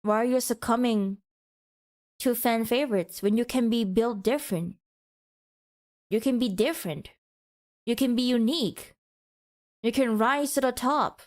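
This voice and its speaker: A woman's voice: on the high side, measured pace, long pauses. A woman streamer giving a mock-passionate, teasing rant to her chat in a playful, dramatic way.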